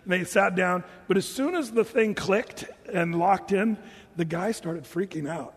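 A male pastor delivers a sermon in a relaxed, storytelling way. His voice sits high for a man and is full of animation. The sound carries the long reverb of a big church hall. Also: measured pace, slightly rough. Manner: animated, chatty, laughing at his own stories.

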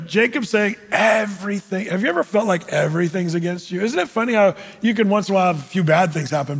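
High-voiced preacher guy, chatty sermon, lots of ums, big reverby hall. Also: quick pace, few pauses, breathy edge. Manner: conversational, questioning the audience, frequent fillers. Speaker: pastor.

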